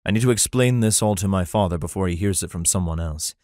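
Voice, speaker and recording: A man's voice: deep voice, quick pace, darkish tone, no echo, clean studio sound, natural voice. A man voicing an earnest young dragon prince in an audiobook.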